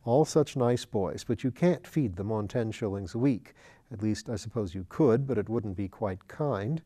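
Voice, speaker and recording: Guy reading a novel out loud, low warm tone, calm even pace. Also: normal speed. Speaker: audiobook reader. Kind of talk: reading a novel in letters aloud.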